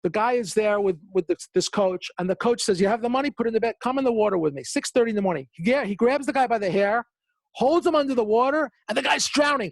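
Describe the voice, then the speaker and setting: A man's voice: quick pace, creaky, no echo. A man giving a motivational webinar talk, who acts out the quotes in his stories with big jumps in voice and repeats words for emphasis. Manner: animated storytelling, acting out quotes with big pitch jumps. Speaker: motivational speaker.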